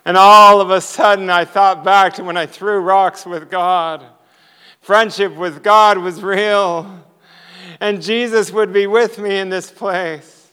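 Male preacher, high bright voice, slow storytelling, long hall reverb. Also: smooth. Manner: storytelling, animated, laughing. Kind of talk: sermon testimony.

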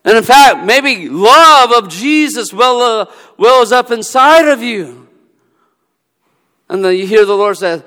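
A man preaching a sermon in a relaxed, storytelling way, acting out the dialogue of the people in his stories. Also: extremely high pitch, takes it slowly. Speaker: pastor. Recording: long reverb of a large hall.

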